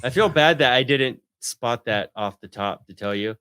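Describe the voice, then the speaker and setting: A man's voice: medium pitch, expressive, normal speed, fairly bright tone, clean tone, dry recording. Wry male podcast co-host. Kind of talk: casual podcast banter.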